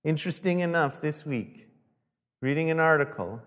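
High-voiced pastor preaching in a reverberant hall. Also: male voice, normal speed, clean tone. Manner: animated, acts out quoted voices with rising volume. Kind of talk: sermon.

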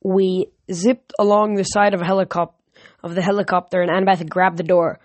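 A man's voice: sits high, little pitch movement, a little fast, no room sound. Amateur male reader with a dry close sound. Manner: unpolished read with frequent restarts and self-corrections. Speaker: audiobook reader. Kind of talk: reading a novel aloud.

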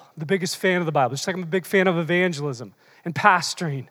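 A preacher delivering an animated, teasing sermon that swings between quiet asides and shouted bursts, recorded in a large hall. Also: medium pitch, fast talker. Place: large hall with long reverb. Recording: long hall reverb.

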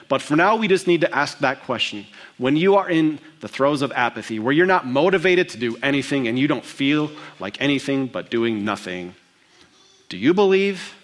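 A man preaching a sermon, asking the congregation questions and acting out the lines of the parable with slow, stressed delivery. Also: mid-range voice. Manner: expressive preaching, acting out quotes with slowed emphasis. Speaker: pastor.

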